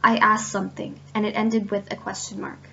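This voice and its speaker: A woman's voice: mid-range voice, a little fast, vocal fry. Woman reading a class presentation. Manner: steady, reads examples aloud. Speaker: student presenter. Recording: dull lo-fi recording.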